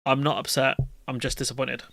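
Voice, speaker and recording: A man's voice: medium pitch, little pitch movement, fairly quick, creaky, sharp tone, no room sound, studio quality. A man, hosting a live stream and chatting casually with his viewers in a jokey, rambling, slangy way.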